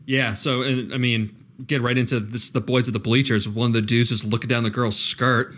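A man's voice: medium pitch, level tone, fairly quick, fairly bright tone. A man hosting a casual movie-review podcast, joking crudely and laughing often. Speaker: podcast host.

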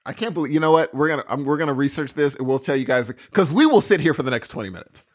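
A man's voice: fairly high pitch, animated, racing. A man co-hosting a casual podcast, playfully standing his ground and laughing. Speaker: podcast co-host. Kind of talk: casual chat.

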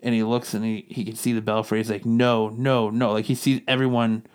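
Smooth and fairly quick, a man with a fairly low voice and flat delivery co-hosts a relaxed podcast reviewing comics. He wanders through the plot while quoting characters in passing.

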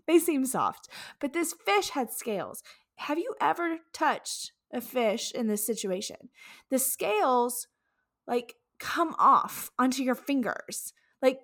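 A woman's voice: high-pitched, unhurried. A woman hosting a podcast, telling a story casually with frequent swearing and laughter. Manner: animated, profane, laughing storyteller. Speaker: podcast host.

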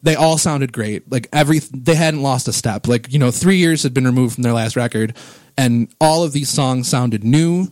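A man's voice: mid-range voice, normal speed, a little mellow, no echo. A man in his thirties or forties hosting a casual music podcast, rambling with enthusiasm and getting emotional about favorite records, on a close microphone. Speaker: podcast host.

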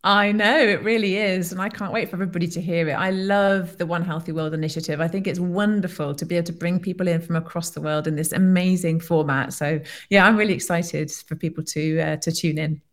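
A woman guest with a slightly low voice chats cheerfully on a podcast. She sounds warm and friendly and laughs easily. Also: fairly even intonation, a little fast, hardly any pauses. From United Kingdom. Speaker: doctor and author, guest. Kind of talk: casual interview chat.

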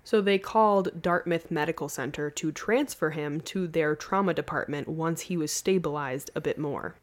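A woman's voice: low voice, moderate pace. A woman hosting a podcast, telling a story in a casual, earnest way. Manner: earnest, lively, laughs easily. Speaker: podcast host.

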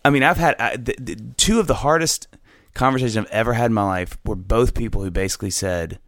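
A man's voice: medium pitch, fast, a bit bright, no room sound, studio quality. A middle-aged man chatting casually as an interview guest, rambling, restarting his sentences and often laughing. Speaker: podcast guest, musician.

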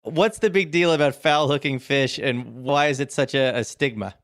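Male interviewer, measured and probing, dry sound. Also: mid-range voice, a bit bright, no echo. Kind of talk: interview questions.

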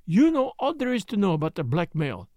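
A man's voice: high-pitched, wildly swooping pitch, a little fast, dry recording, voice pushed up. A man voicing a shrewd, self-assured middle-aged Belgian detective with a French accent, asking precise, needling questions in an audiobook. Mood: probing. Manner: precise, needling questions with sudden sharp jabs. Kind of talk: audiobook character voice.

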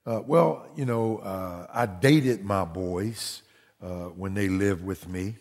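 A man preaching as a pastor, telling stories from his own family, who grows animated and nearly shouts at times. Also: low-pitched, takes it slowly, long reverb tail. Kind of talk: sermon storytelling.

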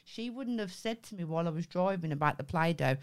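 A woman's voice: fairly low pitch, animated, brisk, smooth. Chatty woman telling a story. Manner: chatty storyteller, swears a lot, keeps saying "right?". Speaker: podcast co-host. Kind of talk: casual chat.

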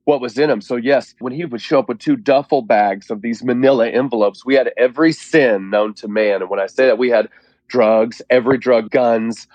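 A man's voice: mid-range voice, moderate pace, darkish tone, no room sound. A man, telling his personal story in an interview in an earnest, heartfelt way. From Oklahoma. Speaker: guest.

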